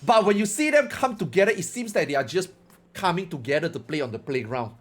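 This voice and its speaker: A man's voice: a little high, big pitch swings, brisk. A male gaming streamer giving a casual opinion rant, rambling, repetitive and emphatic.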